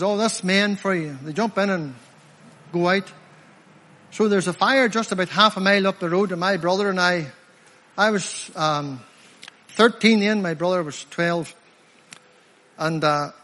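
A middle-aged man with a Northern Irish accent preaching an evangelistic sermon, fervent and emphatic, slowing down to stress key phrases. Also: high-pitched, pushed and bright. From Northern Ireland. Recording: echoey hall, long reverb.

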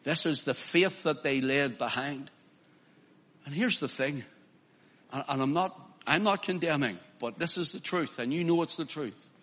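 A man's voice: a little high, moderate pace, a bit bright, big-room sound. A man preaching a sermon with impassion, building to emphatic declarations.

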